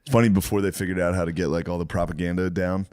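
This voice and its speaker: Very deep-voiced, laid-back male co-host. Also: steady tone, racing, darkish tone, clear, resonant tone, dry recording, clean studio sound. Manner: laid-back, profane, laughs often. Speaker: podcast co-host. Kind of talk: casual podcast chat.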